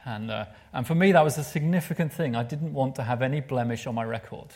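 Male preacher, mid-pitched, expressive delivery that drops to a hush for emphasis, asks the congregation questions. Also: fast talker. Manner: asks the listeners rhetorical questions. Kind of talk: sermon.

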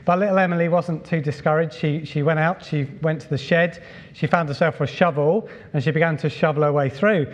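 A middle-aged man preaching a sermon as pastor, relaxed and conversational, with many fillers and repeats. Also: fairly high pitch, a little fast, dull audio. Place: church hall. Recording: long reverb from a large hall.

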